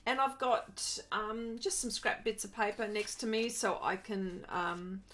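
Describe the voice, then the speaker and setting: A woman's voice: medium pitch, fairly even intonation, unhurried, fairly bright tone. An Australian woman hosting an art live stream, chatting casually and greeting viewers by name as she works. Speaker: art livestream host. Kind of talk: casual live stream chat while drawing.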